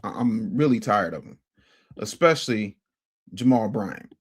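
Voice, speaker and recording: A man hosting a casual livestream, reading viewer chat and commenting, emphatic and repetitive, swinging from loud outbursts to low mutters. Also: expressive, measured pace, breathy edge. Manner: emphatic, repeats phrases for effect. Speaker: livestream host.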